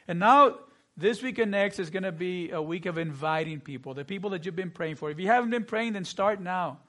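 A pastor with a fairly high voice delivers a sermon. He tells personal stories earnestly and acts out both sides of the conversations. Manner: storytelling, lively and earnest with acted-out dialogue.

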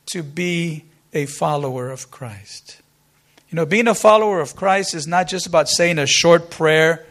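A male pastor preaching a sermon earnestly, building to emphatic peaks and dropping quiet, with a conversational storytelling manner. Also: fairly high pitch. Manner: storytelling asides with fillers and restarts. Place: church.

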